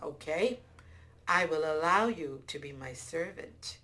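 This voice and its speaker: A woman's voice: low voice, lively intonation, unhurried, bright, forceful tone, full character voice. A woman storyteller voicing a frightened male donkey who bluffs to seem fierce. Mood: boastful. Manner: fretful, then boastful.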